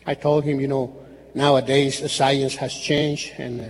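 A man's voice: mid-range voice, little pitch movement, normal speed, breathy edge. A man, a Catholic priest, preaching a sermon in an earnest, repetitive way with slips and restarts. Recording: faint hall reverb with background noise.

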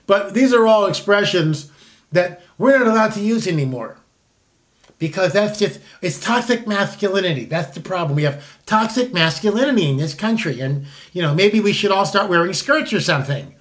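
Opinionated man in his sixties, high voice. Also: animated, moderate pace, fairly bright tone. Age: 60s. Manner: conversational, with self-interruptions and mocking asides. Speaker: commentary show host. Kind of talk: opinionated monologue.

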